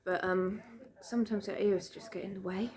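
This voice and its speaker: A woman's voice: medium pitch, steady tone, normal speed, darkish tone. A British woman in a casual home video, talking through her handbag collection in a chatty, rambling way with fillers and small laughs. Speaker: vlogger. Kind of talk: casual show-and-tell chat. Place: home room.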